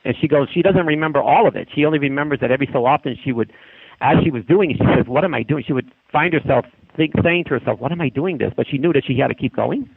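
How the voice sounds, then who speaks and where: Guy rambling through a story on a call-in, gravelly and a bit husky, thin phone sound. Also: fairly high pitch, fast talker, no room sound, narrow, tinny audio. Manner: rambling, with many restarts. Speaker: guest telling a haunting story. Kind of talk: casual storytelling on a podcast.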